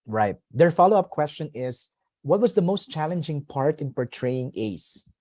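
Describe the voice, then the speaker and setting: A man with a Filipino accent moderating a press conference, reading out questions and moving things along briskly. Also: a little high, lively intonation, mellow, no echo, studio quality. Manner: reads out questions, brisk and friendly.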